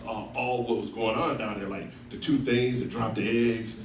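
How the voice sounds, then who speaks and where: A man's voice: lowish voice, fairly even intonation, normal speed, distant mic. Laid-back man doing stand-up in echoey club. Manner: laid-back storytelling, acting out quotes. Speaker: stand-up comedian. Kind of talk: stand-up set. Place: comedy club stage. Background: room noise and audience.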